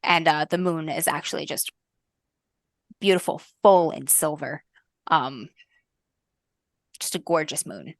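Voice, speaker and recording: A woman game master narrating a fantasy tabletop game in a soft, lyrical way, with frequent ums. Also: sits low, unhurried, vocal fry, long pauses, dry recording, clean studio sound.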